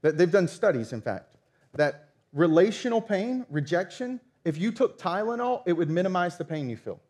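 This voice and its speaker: Male pastor, thirties, slightly high voice, animated storyteller who acts out quotes. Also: moderate pace. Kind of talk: sermon.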